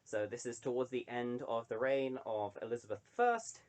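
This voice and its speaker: A man's voice: medium pitch, normal speed, darkish tone. A young adult man chatting casually to camera, rambling with lots of ums and wry asides. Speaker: online creator reading poetry.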